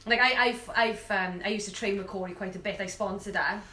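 A woman's voice: mid-range voice, steady tone, brisk, sharp tone. A young woman guest on a podcast, telling stories in a chatty way with lots of fillers and restarts. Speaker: podcast guest, jiu-jitsu fighter. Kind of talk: casual chat, storytelling. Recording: roomy sound from a distant mic.

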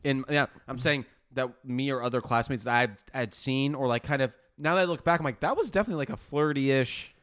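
A man's voice: medium pitch, fast, hardly any pauses, a bit bright. A young man co-hosting a casual podcast, telling stories animatedly, acting out quotes and swearing freely. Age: young adult. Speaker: podcast co-host. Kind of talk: casual chat.

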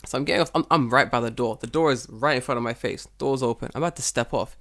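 A man's voice: mid-range voice, quick pace, fairly bright tone. A man telling crude stories in casual chat, acting out the people he quotes in raised voices. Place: lives and works in Japan.

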